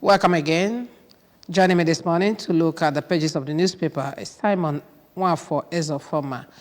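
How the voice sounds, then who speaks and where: A woman hosting a TV newspaper review, her voice rough from a cold, reading headlines aloud with short pointed asides. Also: low voice, normal speed, a little mellow, long reverb tail. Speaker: TV morning show host.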